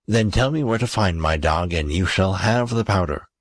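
A man voicing a thoughtful old wizard in a storybook reading, measured and deliberate. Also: deep voice, dry recording.

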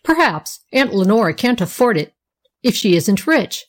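A woman's voice: medium pitch, sing-song, moderate pace. A woman voicing a cross young boy with a grumpy, dismissive manner.

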